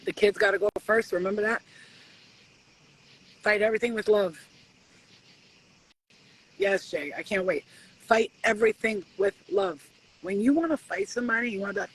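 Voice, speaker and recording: A woman hosting a live stream as a spiritual reader, giving a swearing, preachy pep talk that swoops in pitch and slows for stress. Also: a little hiss or hum, rough recording. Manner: profane, preachy, animated.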